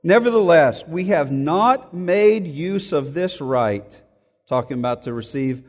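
A man's voice: fairly high pitch, lively intonation, unhurried, a little mellow. A man preaching an expository sermon, reading scripture aloud and explaining it verse by verse, stressing key phrases by repeating them. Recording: long hall reverb.

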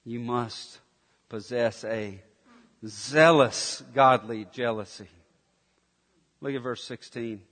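A man preaching a sermon, emphatic, dropping to intense near-whispers and rising to forceful declarations. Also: medium pitch, slow, long pauses. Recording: long hall reverb.

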